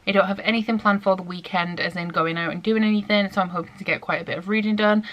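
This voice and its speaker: A young woman chatting excitedly in a casual reading vlog, full of "like" fillers. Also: medium pitch, fast, lo-fi sound. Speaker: book vlogger.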